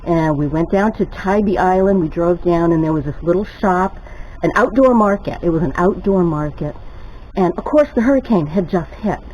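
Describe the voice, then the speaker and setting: An older woman telling a lively story while she cooks at home, chatty and laughing often. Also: lowish voice, moderate pace, dull audio, slight background noise. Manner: chatty, laughs often, gets excited retelling stories. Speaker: cooking vlogger. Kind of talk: casual storytelling while cooking.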